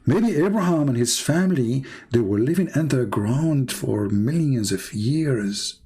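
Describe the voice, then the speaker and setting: A man's voice: mid-range voice, expressive, a little slow, dark tone, slightly rough. A man hosting a call-in debate, arguing hard, talking over the caller and mocking him sarcastically. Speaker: host. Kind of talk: argumentative call-in debate and commentary.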